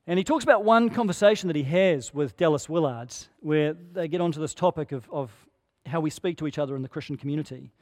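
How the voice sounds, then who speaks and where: A man's voice: fairly high pitch, fast, a little mellow, long reverb tail. A man preaching a sermon as pastor, earnest and conversational, asking his listeners rhetorical questions.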